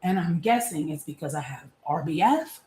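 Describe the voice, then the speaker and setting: A woman's voice: low-pitched, lively intonation, moderate pace, a little mellow, a little hiss or hum. A woman in her forties talking candidly and chattily about her feelings, with casual slang and frequent laughs. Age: 40s. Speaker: vlogger. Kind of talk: personal reflective monologue. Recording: echoey room.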